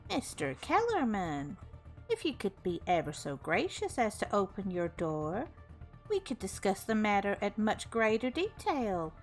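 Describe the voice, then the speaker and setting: 女人扮演的圆滑阴险的南方绅士. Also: female voice, medium pitch, huge pitch swings, a little slow, faint music behind. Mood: oily courtesy. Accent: Southern US. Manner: drawling, elaborately courteous, leans on words. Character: short dandyish Southern man, sly and menacing.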